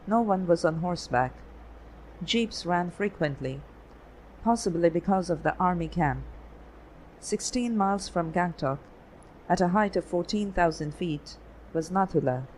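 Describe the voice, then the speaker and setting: An audiobook narrator reading a story in a steady, unhurried way. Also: medium pitch, slight background noise, rough recording. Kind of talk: scripted narration.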